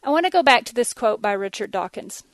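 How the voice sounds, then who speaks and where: Higher-pitched Texan woman, chatty host. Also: animated, fast, no echo. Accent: Texas. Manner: chatty, laughs often, many fillers. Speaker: podcast host. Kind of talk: casual monologue.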